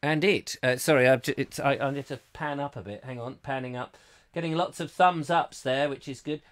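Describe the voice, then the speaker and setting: A man's voice: mid-range voice, brisk. A man hosting a comic live chat show, rambling, joking and reading out viewers' comments with theatrical emphasis. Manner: chatty, jokey, theatrical emphasis, laughs at own jokes.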